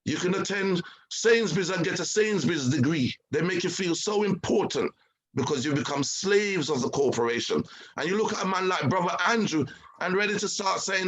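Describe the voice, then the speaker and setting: A man's voice: sits high, lively intonation, fairly quick, fairly bright tone, poor audio. A man, a show host, giving an impassioned talk, emphatic and preachy with many rhetorical questions. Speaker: show host, guest speaker. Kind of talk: impassioned talk on identity and culture.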